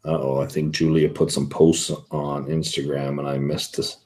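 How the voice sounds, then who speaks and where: A man's voice: rumbling low, little pitch movement, moderate pace, darkish tone. A man hosting a whisky livestream, rambling casually and answering viewer comments as he reads them. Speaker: whisky show host.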